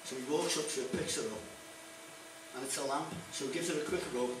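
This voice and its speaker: A Liverpool man, a stand-up comedian with a medium-pitched, fairly quick voice, tells jokes on stage in an echoey hall before an audience. His routine is chatty and he acts out characters. The recording is made from a distance in the echoey room, with background noise.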